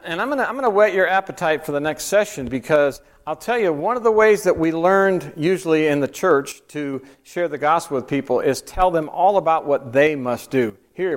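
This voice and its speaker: A man's voice: fairly high pitch, animated, a little fast, few pauses. A man teaching a church class in a conversational way, repeating his key points.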